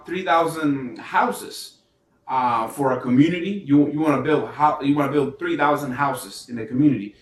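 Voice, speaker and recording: A man coaching viewers on business funding in a loose, animated way, full of rhetorical questions and fillers. His voice sits a little high for a man. He sounds set back from the microphone in an echoey room. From New York. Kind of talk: casual teaching monologue. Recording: echoey room, mic at a distance.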